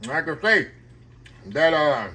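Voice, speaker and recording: A man's voice: a little high, very animated, slow. A man hosting a casual home cooking vlog, folksy and chatty, tasting his food on camera and talking with his mouth full. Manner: folksy, warm, keeps saying y'all. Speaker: cooking channel host.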